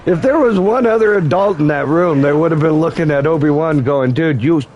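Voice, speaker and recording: A man's voice: fairly high pitch, darkish tone, highs cut off. A man hosting casual gaming commentary, joking and rambling with lots of laughs. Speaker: gaming channel host.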